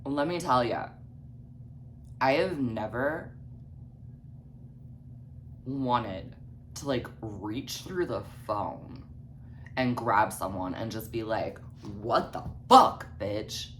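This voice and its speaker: A woman's voice: rumbling low, expressive, takes it slowly, pauses often, slight background noise. A woman telling a storytime vlog in a snarky, heavily profane way. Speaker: vlogger.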